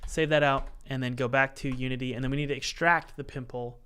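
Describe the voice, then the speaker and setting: A man's voice: mid-range voice, fairly even intonation, brisk, smooth. A man casually teaching game development on a live stream, joking with his chat and talking himself through each step aloud. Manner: playful, jokey, chats directly with the live chat; talks himself through software steps aloud.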